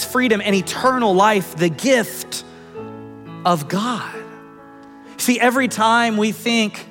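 A man's voice: high voice, fairly bright tone. A man preaching a sermon, telling a family story in an earnest, conversational way and often repeating words. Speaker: pastor. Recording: long hall reverb.

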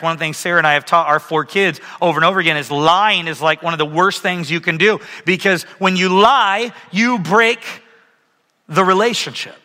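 A man in his thirties gives a sermon in a large church auditorium, his high, bright voice ringing with a long hall reverb. He tells stories with animated energy and calls on the audience to raise their hands. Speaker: pastor.

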